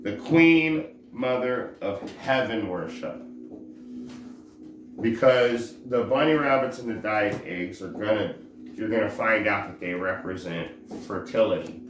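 Man, religious teacher, slow halting delivery, echoey room recording. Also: on the low side. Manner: halting, searches for words, restarts often. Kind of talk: informal scripture teaching. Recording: roomy echo, faint background noise.

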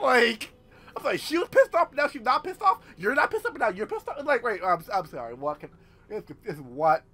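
Excitable gaming commentator, male, high and bright, swearing freely. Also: normal speed. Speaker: gaming youtuber. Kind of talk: let's play commentary.

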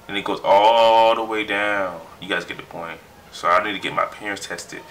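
A young man in his twenties, chatting excitedly in a casual vlog and trailing off as he reads his results aloud. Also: on the low side, moderate pace, faint music behind. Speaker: vlogger.

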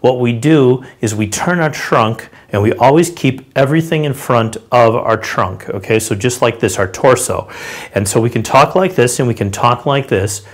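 Man, sales trainer, instructional talk to camera, direct, conversational, demonstrating gestures. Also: mid-range voice. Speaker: sales and body language trainer.

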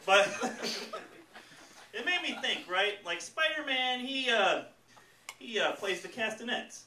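A male stand-up comedian doing a set on a comedy club stage, animated and jumping into loud character voices, with audience laughter behind him. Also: very high-pitched, slow pace, noisy background. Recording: roomy live club sound from a distance.

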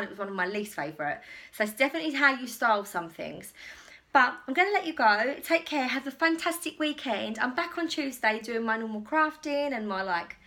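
Bright, chatty woman, a vlogger rambling happily through a try-on haul. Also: on the high side. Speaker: fashion vlogger. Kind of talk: casual try-on haul chat.

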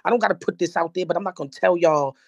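A man with a New York accent telling a story on a podcast as a guest, animated and streetwise, often repeating himself. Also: sits high, rapid-fire, creaky, no echo, dull audio. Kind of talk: casual storytelling.

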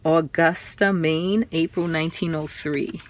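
Woman vlogger, slow and low-pitched, awed, careful show-and-tell. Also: fairly even intonation, a little hiss or hum. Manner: awed, exclaiming, handling fragile items carefully. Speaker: vintage craft vlogger.

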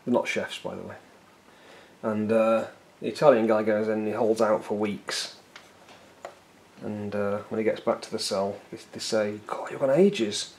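A low-voiced man trades jokes while painting miniatures, rambling and poking fun at himself. A faint hiss sits behind his voice. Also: little pitch movement, normal speed, pauses often, a little mellow, low-quality recording. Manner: joking, rambling, self-deprecating. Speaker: miniature painting channel host. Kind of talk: casual banter while painting.

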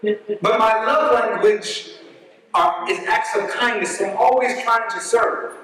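A man with a very high voice preaches a testimony sermon in a church sanctuary. He darts through quick asides, then slows right down to lean on key lines. His voice rings out with a long reverb trail. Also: bright, forceful tone, slightly rough. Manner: swings from quick asides to slow emphatic lines.

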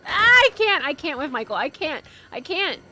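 A woman's voice: sits high, expressive, moderate pace, bright, forceful tone, soft background music. A young woman streaming a game live, chatting with viewers, giggling often and shrieking and swearing when startled.

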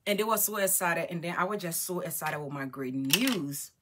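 Bright, excited woman chatting through her makeup. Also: on the low side, normal speed. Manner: excited, chatty, repeats herself. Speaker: beauty vlogger. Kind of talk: casual get-ready-with-me chat.

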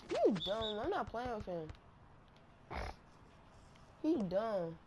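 Woman gamer trash talking over her match, slow drawl, noisy game sound behind. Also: mid-range voice. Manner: trash-talking, excitable, slangy. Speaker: gaming channel host. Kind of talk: live gameplay commentary.

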